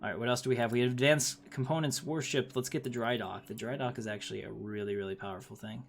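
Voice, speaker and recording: A man's voice: medium pitch, fairly even intonation, quick pace, creaky. A man casually commenting on his strategy game livestream, thinking aloud, reading game text and chatting with viewers. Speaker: streamer playing a strategy game.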